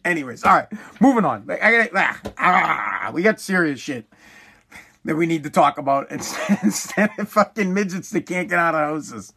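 A man's voice: sits high, pushed and bright. A man chatting casually as a podcast host, swearing freely, rambling with restarts and laughing as he retells things. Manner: profane, laughs often while retelling.

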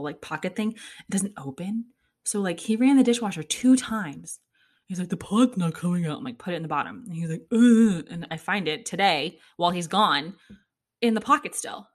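A young woman rambling through her own casual podcast, chatty and exasperated, breaking into laughs and the odd swear. Her voice sits a little low for a woman. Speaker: podcast host.

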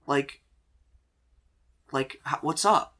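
A man's voice: a little high, drawn-out words, bright, forceful tone, pitched above the performer's own voice, full character voice. A man voicing an awkward, nerdy young man who stammers and is eager to please, in a tabletop role-play. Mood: flustered.

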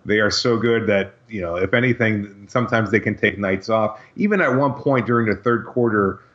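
A man's voice: on the low side, normal speed, fairly bright tone. A man co-hosting a sports podcast, talking casually and hunting for words with dry asides. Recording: dull lo-fi audio.

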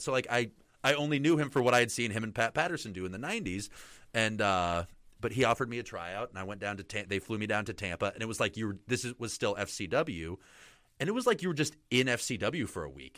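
A man's voice: lowish voice, a bit bright, no room sound. A young man, a wrestler guest, telling stories in a casual, rambling way with many fillers. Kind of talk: casual storytelling interview.

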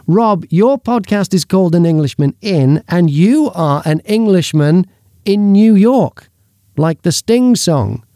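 A man's voice: high-pitched, expressive, a little slow, mellow, no echo, clean studio sound. A man hosting a radio countdown show, presenting in an upbeat announcer manner.

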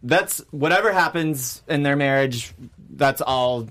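A co-host in a casual gossip chat about reality TV, measured and hedging, laughing easily. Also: medium pitch, fairly bright tone.

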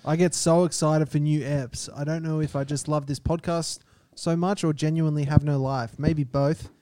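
A young man co-hosts a casual podcast in a slightly raised but mellow voice. He teases his partner, laughs often and reads out listener reviews. The recording is close and dry. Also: on the high side, little pitch movement, moderate pace, no room sound. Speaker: podcast co-host. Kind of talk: casual chat.

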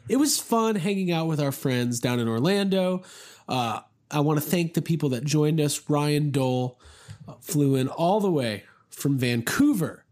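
Young male podcast host, slightly high pitch, excitable rambler with self-mocking humor. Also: normal speed. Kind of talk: casual chat.

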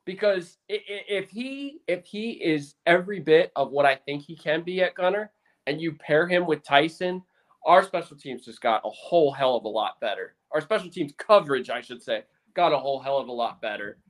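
A man co-hosting a sports podcast in a casual chat, telling stories in an animated, excitable fan's way. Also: a little high, moderate pace. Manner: animated, excitable fan storytelling. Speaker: podcast co-host.

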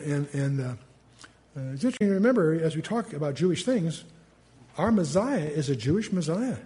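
With a voice that runs a little high, an older man gives an informal, conversational Bible lesson. He reads scripture with growing force and follows it with wandering reflections, fillers, and asides.

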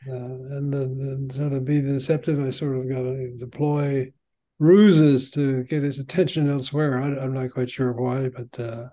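Older man telling rambling stories, mellow voice. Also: mid-range voice, flat delivery, normal speed. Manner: rambling, full of fillers and restarts. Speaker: interview guest, veteran padel player. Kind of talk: conversational storytelling.

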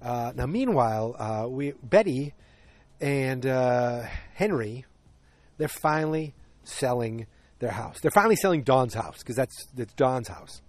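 A man's voice: mid-range voice, animated, unhurried, darkish tone, dry recording. A man in his forties casually recapping a TV episode, with lots of fillers and opinionated asides.

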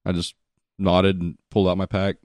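A man's voice: low-pitched, completely flat delivery, normal speed, a little mellow, dry recording. A man telling a rambling, profane travel story in casual podcast chat. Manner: profane, rambling, self-mocking.

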